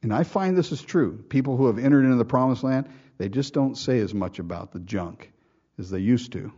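A man's voice: mid-range voice, lively intonation, a little fast, dark tone, husky, highs cut off. A man preaching a sermon in a folksy way, asking rhetorical questions and acting out quotes. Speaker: pastor.

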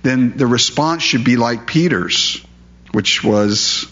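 A man's voice: mid-range voice, slow, a bit bright. A man preaching a conversational verse-by-verse sermon, often asking the audience rhetorical questions. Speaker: pastor. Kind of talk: expository sermon. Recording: dull lo-fi recording.

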